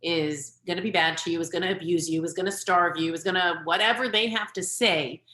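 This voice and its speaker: A middle-aged woman coach talks parents through advice in an earnest, advising way. Her voice sits fairly low. The webinar mic picks up an echoey room around her. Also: pushed and bright. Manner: earnest, advising, shifting between quick and slow deliberate delivery. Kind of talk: webinar talk.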